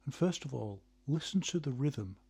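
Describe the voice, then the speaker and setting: A martial arts instructor narrates an instructional video, walking through punch combinations step by step and counting their rhythms. His voice is medium-pitched, animated and dark in tone, at a normal speed, with slight background noise.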